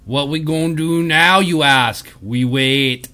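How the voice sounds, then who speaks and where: A man voicing a solemn male troll soothsayer in a put-on Jamaican-style accent, slow and booming. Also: sharp tone. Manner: slow, booming, hammy delivery.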